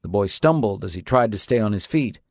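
A man reads a novel aloud in a low, even voice. The sound is dry and close, with no room around it, and his storytelling moves at a measured pace. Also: no echo. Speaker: narrator. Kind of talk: scripted audiobook narration.

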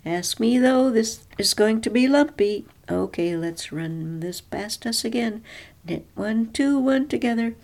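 A woman voicing a female passenger who mutters knitting instructions in a low, bored voice. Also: lively intonation, measured pace, darkish tone.

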